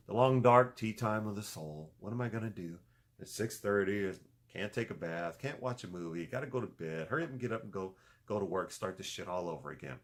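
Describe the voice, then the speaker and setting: Man, middle-aged, casual vlog, lively swooping pitch, profane, joking, loud-to-muttered delivery. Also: a little fast. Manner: animated, swings from loud emphatic to low muttering. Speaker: video blogger.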